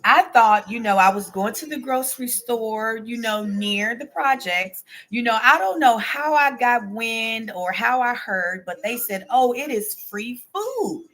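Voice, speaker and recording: A woman's voice: fairly high pitch, measured pace, hardly any pauses, a bit bright. A woman in her forties hosting a casual show, telling a story to her viewers and answering their comments aloud, often adding "okay?" and "baby". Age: 40s. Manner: chatty, peppers talk with "okay?" and "baby". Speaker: host.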